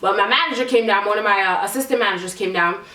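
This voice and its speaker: A woman's voice: mid-range voice, quick pace. Young woman storyteller, blunt and swearing, recorded in an echoey room. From Canada. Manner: animated, candid and profane. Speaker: vlogger. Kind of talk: storytime vlog. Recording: echoey room, mic at a distance.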